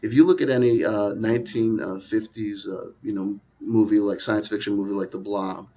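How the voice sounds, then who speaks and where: The voice is a man's, on the low side, dark in tone and steady, moving at a moderate pace. He's doing a rambling conspiracy vlog full of sardonic asides, recorded in dull lo-fi quality.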